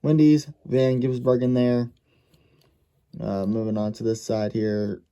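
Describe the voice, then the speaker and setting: A man's voice: medium pitch, little pitch movement, unhurried, warm tone, smooth, lo-fi sound. A man casually reviewing a model race car, thinking aloud and correcting himself as he goes.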